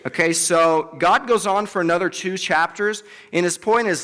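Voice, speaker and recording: High-voiced man preaching casually. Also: moderate pace, hardly any pauses, a bit bright. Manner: conversational, acts out biblical quotes with emphasis. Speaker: campus ministry speaker. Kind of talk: casual sermon. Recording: long reverb of a large hall.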